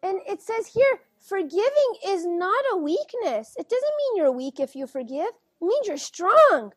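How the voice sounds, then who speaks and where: A woman teacher reading a picture book aloud to children, gently asking them questions as she goes. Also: very high voice, very animated, unhurried, no room sound, studio quality. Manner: gentle, questioning, keeps checking in with the kids.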